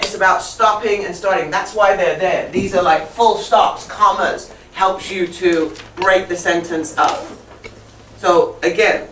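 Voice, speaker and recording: A woman teaching an English writing class, playful and quick to laugh, often teasing herself. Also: lowish voice. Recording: echoey classroom, distant mic, faint hiss.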